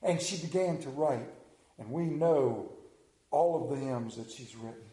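A man's voice: medium pitch, measured pace, mellow, echoey room, low-quality recording. A male pastor giving a sermon, reading scripture, leading prayer and telling stories in a conversational, lightly humorous way. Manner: conversational storytelling, self-deprecating humor.

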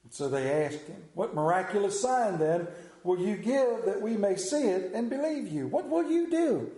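A man's voice: high-pitched, very animated, normal speed, dark tone, roomy sound, low-quality recording. A man, preaching a sermon and telling a story in a folksy, drawling manner. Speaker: pastor. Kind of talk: sermon with scripture reading and prayer.

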